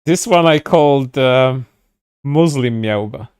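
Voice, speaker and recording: A man hosting a commentary video, talking casually with halting restarts and amused laughs. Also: mid-range voice, darkish tone, clean tone, dry recording, studio quality. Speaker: commentary host.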